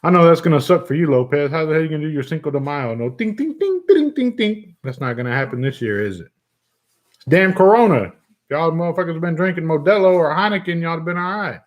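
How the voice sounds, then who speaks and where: A vape channel host with a slightly high, fast voice chats casually on a livestream, reading out viewer comments. He's profane and joking, laughing often.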